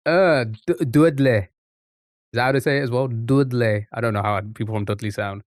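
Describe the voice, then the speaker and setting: A man's voice: lowish voice, quick pace, dry recording, clean studio sound. Rambling, chatty male streamer. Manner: rambling, chatty, trips over words. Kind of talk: casual live-stream chat.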